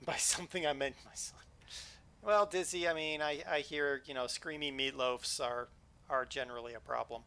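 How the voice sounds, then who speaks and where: A man's voice: medium pitch, steady tone, moderate pace, pushed and bright, clean tone. A man hosting a live game stream, chatting casually and joking around as he plays. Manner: playful, jokey, chatty. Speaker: livestream host.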